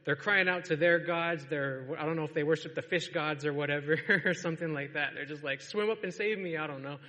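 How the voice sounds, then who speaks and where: A man's voice: on the high side, level tone, brisk, bright, forceful tone. A man preaching a sermon to a congregation in a church, in a casual storytelling way and laughing often. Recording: long reverb of a large hall.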